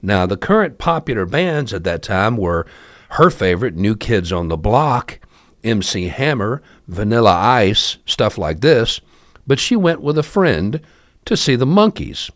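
A man's voice: lowish voice, big pitch swings, measured pace, a bit bright, no room sound. A man telling a story casually, wry and chatty with asides to the listener.

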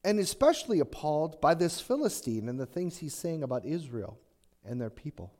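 A male pastor delivering a sermon as conversational storytelling. His voice sits a bit high and rises and falls with great animation. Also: big pitch swings, fairly quick, a little mellow.

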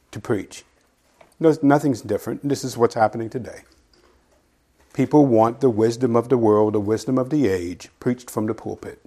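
A middle-aged man preaching a sermon in a conversational teaching style, reading scripture slowly and asking his listeners "right?". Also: mid-range voice, a little mellow. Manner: quotes scripture slowly and deliberately. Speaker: pastor.

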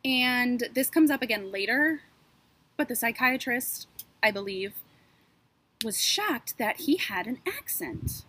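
A woman's voice: a little high, expressive, slow pace, a bit bright, husky. A woman co-hosting a podcast, recounting a true-crime case in a chatty, sarcastic way with lots of asides and fillers. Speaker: podcast co-host. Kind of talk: casual true-crime storytelling.

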